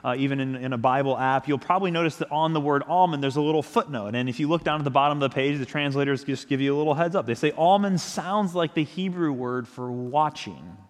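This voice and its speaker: A man's voice: fairly high pitch, fast talker, few pauses. A man preaching a sermon as pastor, speaking in a reflective, conversational way with small restarts. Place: church sanctuary. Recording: long church-hall reverb.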